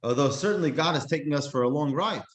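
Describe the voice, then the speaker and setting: Brief: a reflective male teacher giving a class, slightly high voice, roomy echo. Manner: reflective, slows to stress key words. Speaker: Jewish teacher. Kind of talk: explanatory class talk.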